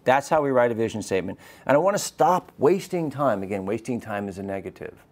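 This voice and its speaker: Man, physician lecturing, asks audience questions, mid-pitched voice. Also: expressive, brisk. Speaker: physician giving a talk. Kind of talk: live lecture.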